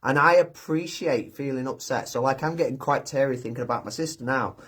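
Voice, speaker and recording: This is a man chatting on a live stream, with a voice of ordinary middle pitch. He talks gently and sincerely, with lots of "um"s and restarted phrases. Now and then he reads viewer messages aloud. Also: slightly rough. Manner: gentle, heartfelt, halting with many fillers and restarts. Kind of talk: casual live chat, reading viewer comments.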